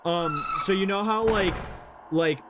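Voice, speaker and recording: A young man streaming a horror game, chatting casually in a rambling, halting way with frequent restarts. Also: high voice. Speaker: gaming streamer. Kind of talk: casual gameplay chat. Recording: noisy stream audio.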